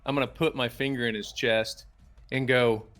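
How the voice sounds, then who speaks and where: A man's voice: medium pitch, steady tone, normal speed, a bit bright, faint music behind. A man playing in a tabletop game, eagerly describing his character's actions step by step. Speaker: player. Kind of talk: tabletop role-play.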